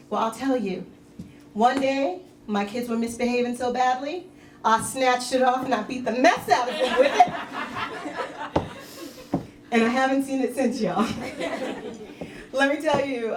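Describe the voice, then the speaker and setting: A woman performing a stand-up comedy set, telling deadpan dark jokes and talking to the crowd on a club stage. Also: sits high, noisy background. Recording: echoey club, mic heard from a distance.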